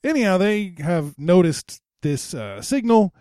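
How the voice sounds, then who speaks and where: A man's voice: high-pitched, very animated, unhurried, a little mellow, no echo, clean studio sound. A young man co-hosting a podcast, casually recapping a cartoon episode in a playful way and slipping into silly voices. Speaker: podcast co-host.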